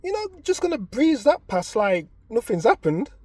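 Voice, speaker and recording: Man vlogger, lively storyteller, very expressive pitch, dry sound. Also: moderate pace, no room sound. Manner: animated, expressive retelling. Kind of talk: casual storytelling.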